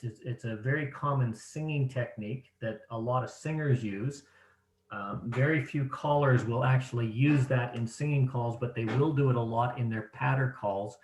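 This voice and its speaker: Guy running a zoom session for callers, explains stuff steady, kinda echoey room. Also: medium pitch. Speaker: host of a caller training session. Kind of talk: online group discussion. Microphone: video call.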